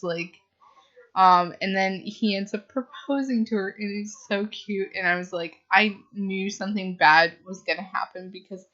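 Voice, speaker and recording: Woman book reviewer, unhurried, heavy on fillers, slightly dull lo-fi sound. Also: medium pitch, fairly bright tone. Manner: gushing, full of "like" and "um" fillers.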